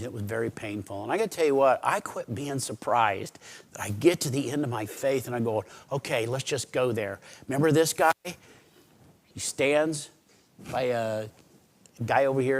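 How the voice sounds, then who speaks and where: A middle-aged man preaching a sermon, earnest and conversational. He has a voice of medium pitch and swings from loud emphasis to quiet, pleading asides. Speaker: pastor.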